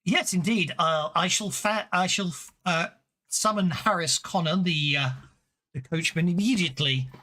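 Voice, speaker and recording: A man's voice: high-pitched, a little slow, pushed and bright, full character voice. A man voicing a portly, precise older male head butler with a formal, courteous way of speaking in a tabletop game. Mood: obliging. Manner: courteous, fussy.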